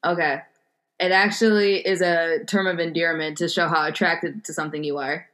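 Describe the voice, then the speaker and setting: A woman's voice: fairly low pitch, fairly even intonation, moderate pace, fairly bright tone. Laid-back young American woman. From United States. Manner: laid-back, quizzing with example sentences. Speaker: podcast co-host. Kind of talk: casual chat.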